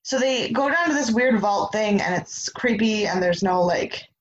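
A woman co-hosting a podcast, casually recapping a TV episode with quick asides. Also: mid-range voice, expressive, muffled recording. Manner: chatty, quick asides, acts out quotes. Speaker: podcast co-host.

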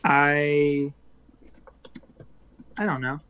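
A man's voice: fairly high pitch, little pitch movement, drawn-out words, a bit bright, dull audio, a little hiss or hum. A young adult man, a musician guest on a podcast, chatting casually and rambling with many fillers and restarts.

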